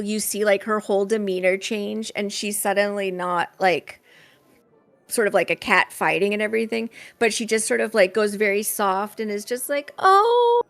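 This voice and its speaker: A young woman narrates as game master in a tabletop role-play stream. She sets scenes in a loose, relaxed way with plenty of "likes" and "ums". Her pitch sits mid-range, and faint music plays underneath. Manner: relaxed, with many fillers and hedges.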